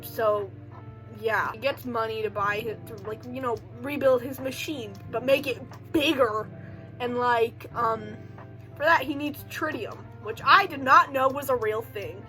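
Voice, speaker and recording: A woman's voice: fairly high pitch, a little slow, music in the background, rough recording. A young woman casually recapping a film in a rambling way, full of "like" and joking asides. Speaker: video creator recapping a film.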